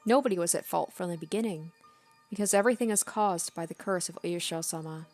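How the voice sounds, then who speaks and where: A woman's voice: on the low side, fast, a little mellow, soft background music, natural voice. A woman reading the lines of a disturbed teenage girl from a visual novel, repeating herself feverishly. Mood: haunted. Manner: feverish, repetitive apologizing.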